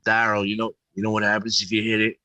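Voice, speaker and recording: A man's voice: on the low side, completely flat delivery, quick pace, pushed and bright, dry recording. A man doing an impression of a streetwise older gangster, talking tough with bad grammar. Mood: menacing. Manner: tough, slangy, bad grammar, menacing advice. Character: streetwise older male New York gangster.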